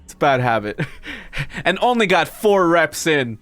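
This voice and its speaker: Guy streamer reading a dumb story out loud to chat, kinda high voice, faint music behind. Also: measured pace. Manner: animated, breaks into high-pitched disbelieving asides.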